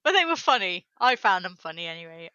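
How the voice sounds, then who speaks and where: A woman's voice: fairly low pitch, sing-song, quick pace, lo-fi sound, over a noisy crowd. A woman co-hosting a geeky podcast, chatty and laughing as she retells stories. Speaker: podcast co-host. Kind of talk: casual chat.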